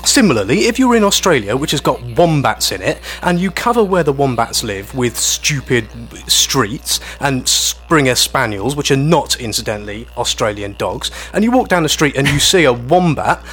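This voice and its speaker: A man's voice: medium pitch, moderate pace, hardly any pauses, faint music behind. Guy ranting on a comedy chat podcast, voice jumps all over. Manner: animated, ranting, jokey. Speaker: podcast co-host.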